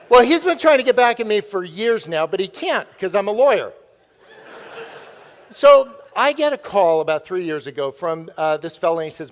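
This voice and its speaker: A man's voice: sits high, animated, a little fast. A middle-aged man giving a playful, jokey storytelling keynote speech to an audience, laughing often. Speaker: keynote speaker. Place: large hall with audience. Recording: live stage recording in a reverberant hall.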